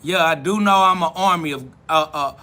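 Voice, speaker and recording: A man's voice: high voice, a little fast, sharp tone. A man hosting a live stream, boasting and trash-talking in a preachy, repetitive way, answering viewers' comments.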